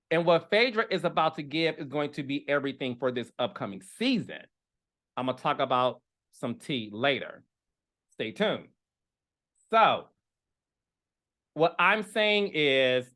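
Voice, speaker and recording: A man's voice: on the high side, a bit bright. Sassy, emphatic male podcast host. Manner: sassy and emphatic, keeps tagging "okay?" and "honey". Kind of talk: casual commentary.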